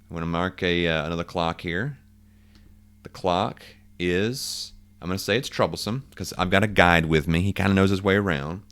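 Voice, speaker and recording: A man with a very low voice talks through his solo tabletop game. He muses aloud, stopping to rethink and correct himself as he checks rules and rolls. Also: a bit bright, smooth. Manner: thinking aloud, musing and self-correcting.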